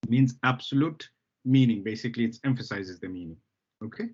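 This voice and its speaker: A male Arabic teacher runs a lesson at a steady middle pitch. He explains patiently, repeats the key words and keeps stopping to ask if everyone follows. The sound is dull and lo-fi. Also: a little fast. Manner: patient, repeats key terms, checks understanding with "okay?". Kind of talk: live language lesson.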